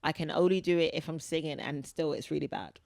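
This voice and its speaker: A woman with a South London accent, a comedian guest chatting in a relaxed way, with lots of 'like' and easy laughs. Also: deep voice, quick pace, vocal fry, no room sound, studio quality. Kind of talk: casual podcast chat.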